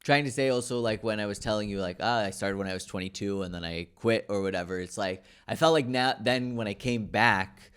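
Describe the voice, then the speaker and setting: A man's voice: on the low side, fairly quick, few pauses, fairly bright tone, clear, resonant tone. A man hosting a casual podcast interview, asking loose, rambling questions full of fillers and giving frequent short replies. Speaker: podcast host.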